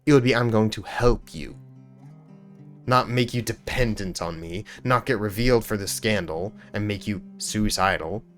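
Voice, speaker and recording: A man and gaming YouTuber in an angry, sweary rant about a game, repeating himself, then quietly apologizing to his viewers. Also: fairly low pitch, moderate pace, soft background music.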